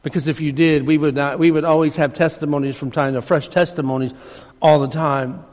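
A man preaching a sermon as pastor, swinging between emphatic preaching and hushed asides. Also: fairly high pitch, fairly even intonation, brisk. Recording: long reverb of a large hall.

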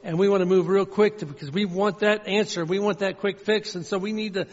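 A man preaching with a high, ringing voice that carries through a long-echoing sanctuary. He is fervent and repetitive, often slipping into the words of a prayer as he speaks. The sound is dull and muffled, like an older church recording. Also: fairly even intonation, fairly quick. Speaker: pastor. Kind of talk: sermon. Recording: dull, reverberant hall sound.

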